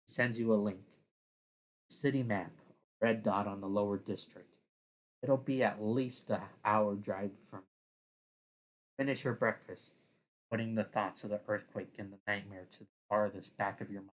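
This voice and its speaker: A man narrating a second-person audio story in a deliberate way, now and then laughing at his own slips. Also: lowish voice.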